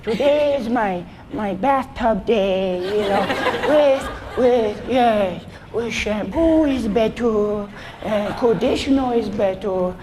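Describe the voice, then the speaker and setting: A man's voice: high-pitched, slow pace, crowd noise, background noise. A man mockingly voicing a prissy, pampered, lazy teen who would rather skip a workout.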